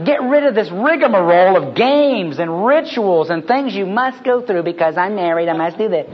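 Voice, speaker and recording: Male preacher, high and husky, animated storyteller, dull lo-fi recording. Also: moderate pace, crowd noise. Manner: animated storytelling, building to punchlines. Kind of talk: sermon with humorous stories.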